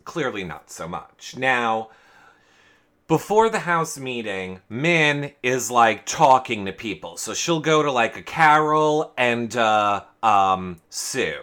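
A young man recapping a reality show in casual, rambling chat. His voice is bright and his pitch bounces around animatedly. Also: very animated, slow. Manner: chatty, full of "like" fillers.

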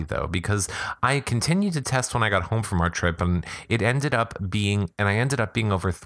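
A woman's voice: a bass voice, lively intonation, moderate pace, no room sound, studio quality. A woman hosting a casual podcast, talking chattily with joking asides and frequent self-interruptions as she reads blogs aloud. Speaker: podcast host.

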